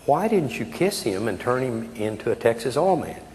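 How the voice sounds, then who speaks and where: A man's voice: mid-range voice, big pitch swings, normal speed, a little mellow, pitched above the performer's own voice, lightly acted. An elderly man in his eighties playing a shrewd, sassy woman in a joke, with a dry punchline delivery. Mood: wry. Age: 80s. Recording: reverberant hall, faint noise.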